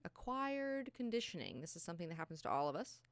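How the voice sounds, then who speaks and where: Crisp-voiced woman hosting a book club. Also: lowish voice, quick pace, no echo. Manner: animated, swears freely, acts out scenes. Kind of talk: casual chat.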